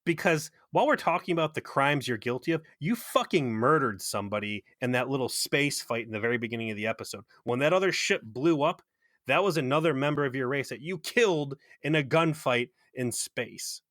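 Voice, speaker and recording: A male podcast co-host retells an episode with sarcasm and plenty of swearing. His voice sits at a middling pitch and is recorded dry and close. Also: a little fast, no room sound. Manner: sarcastic, profane, animated retelling. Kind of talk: casual recap chat.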